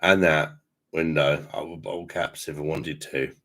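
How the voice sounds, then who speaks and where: At normal speed, a tipsy man with a rumbling low yet fairly bright voice and fairly even intonation rambles matily through a home beer live stream. He swears freely, in a room with sound panels.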